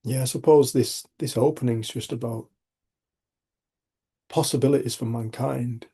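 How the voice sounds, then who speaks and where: A man's voice: medium pitch, fairly even intonation, a little slow, warm tone, slightly rough. A middle-aged man hosts a community group. He tells personal stories in a frank, rambling way, restarting sentences and swearing casually. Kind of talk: reflective personal storytelling.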